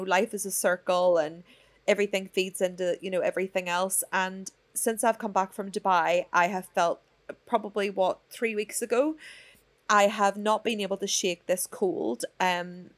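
Woman with a stuffy cold, swearing a lot, ranting and pep-talking on a podcast. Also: medium pitch. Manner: swears freely, ranting and motivational. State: congested from a cold. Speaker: podcast co-host. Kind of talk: casual podcast chat.

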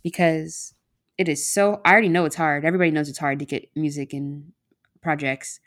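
A low-pitched woman talks as a guest on a podcast. She wings it, rambling and restarting her sentences in loose, easygoing chat. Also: steady tone, brisk.

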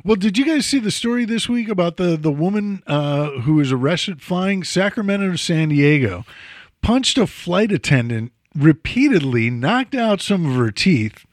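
A man's voice: high voice, sing-song, normal speed, no room sound. A man hosting a casual talk show, reading out figures and riffing wryly. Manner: wry, conversational, reads figures then riffs. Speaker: host.

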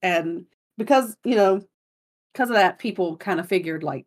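A woman's voice: medium pitch, moderate pace. A woman co-hosting a podcast, casually telling a story in a chatty way and laughing often. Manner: chatty, laughs often, apologetic about pronunciation. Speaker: podcast co-host.

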